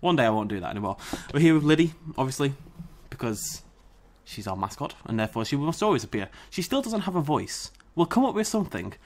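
A man's voice: mid-range voice, sing-song, fast talker. A British man hosting a gaming channel, chatting casually to camera in a jokey, self-mocking way, recorded on a dedicated mic. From Britain. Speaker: YouTube gaming channel host. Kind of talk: casual vlog chat to camera.

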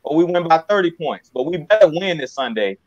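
A man's voice: a little high, expressive, a little fast, dry recording. A man co-hosting a sports talk show, giving an emphatic, fired-up pep talk. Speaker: podcast co-host. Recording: dry, slightly muffled mic.

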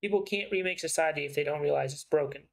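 A man's voice: fairly high pitch, quick pace, poor audio. A man reading as a shrewd probing writer. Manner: smooth-talking and probing. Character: shrewd, persuasive investigative writer.

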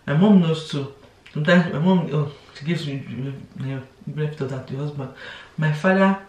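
Chatty young woman, roomy and distant. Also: deep voice. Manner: chatty, restarts often, acts out quoted voices. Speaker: vlogger. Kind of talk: casual confessional chat to camera.

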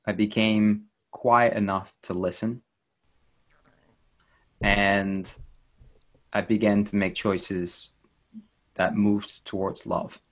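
Interview guest, man, coach type, lowish voice, earnest and encouraging. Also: flat delivery, slow, pauses often. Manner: earnest, gentle and encouraging, with repetition for emphasis. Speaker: inner child life coach. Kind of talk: interview guest, reflective talk.

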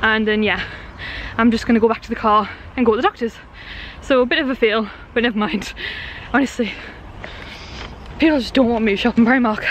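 Woman, casual vlog chat, fairly high voice, faint street noise. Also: brisk, long pauses. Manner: chatty, rambling, talks straight to the camera. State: out of breath while walking. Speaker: vlogger. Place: out in town, walking and in a parked car.

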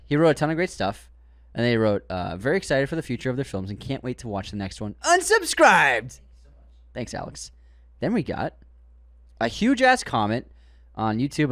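Boston-accented male co-host, animated and jokey, reading listener comments on a dry, close mic. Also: medium pitch, no room sound. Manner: animated, laughs often, quotes comments in put-on voices. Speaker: podcast co-host.

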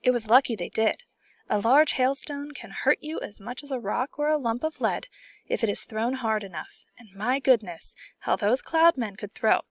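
Lady reading a kids story out loud, kinda high voice, super dry recording. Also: normal speed, dry recording. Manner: steady, expressive storytelling. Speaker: audiobook reader. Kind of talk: storybook narration.

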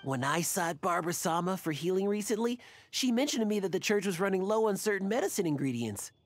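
Jittery young superfan, rambly, lively ups and downs. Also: male voice, high-pitched, fast, dry recording. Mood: eager. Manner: nervous, rambling. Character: eager young male fan, overly devoted. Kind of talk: game character dialogue.

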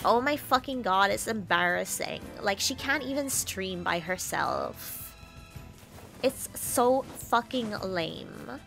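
A woman's voice: mid-range voice, creaky, sharp tone, exaggerated voice. A woman playing a spoiled, snobby young valley girl cousin who drawls her words in a dismissive way.

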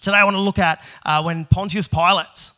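A man preaching a sermon and reading scripture, his voice strained by a virus, often clearing his throat and chatting casually with filler words. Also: high voice, steady tone, a little fast, sharp tone. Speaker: pastor. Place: church.

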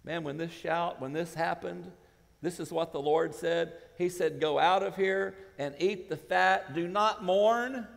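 Gravelly preaching pastor in a hall. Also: male voice, sits high, measured pace. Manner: preaching with rising, shouted emphasis. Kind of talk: sermon. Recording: church hall with long reverb.

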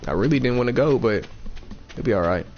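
A man's voice: medium pitch, expressive, fairly quick. A man giving casual, playful let's-play commentary, thinking aloud and repeating himself, with a dull lo-fi mic and faint game music. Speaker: gaming streamer.

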